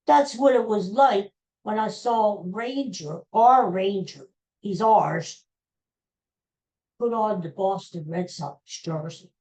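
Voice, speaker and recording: A woman's voice: on the low side, a little mellow, poor audio. A woman hosting a podcast, delivering an exasperated, sarcastic solo sports rant. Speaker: podcast host.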